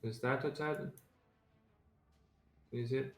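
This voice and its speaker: A man running an online tabletop game as game master, pausing often with fillers. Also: medium pitch, steady tone, echoey room. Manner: hesitant, many filler pauses.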